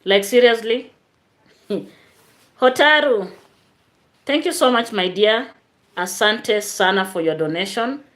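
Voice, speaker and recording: A woman's voice: mid-range voice, slow pace, long pauses, fairly bright tone. Chatty woman live-streaming. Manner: chatty, talks straight to viewers. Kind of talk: live-stream commentary reading viewer comments.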